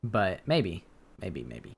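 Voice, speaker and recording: A man's voice: sits low, huge pitch swings, takes it slowly, gravelly, husky. A tired man streaming a game, chatting casually in a rambling, hesitant way that often trails off. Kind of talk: casual gameplay chat. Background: game music.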